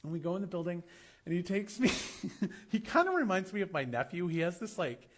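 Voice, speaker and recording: A young American man telling a travel story in a casual vlog, animated and laughing often as he acts out the people he met. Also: high-pitched, fairly quick. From United States.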